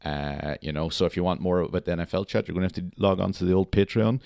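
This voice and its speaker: Deep-voiced podcast host, monotone. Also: male voice, quick pace, gravelly, no echo, clean studio sound. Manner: monotone, laid-back, swears casually. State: slightly under the weather. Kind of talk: casual chat. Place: indoors in a friend's house.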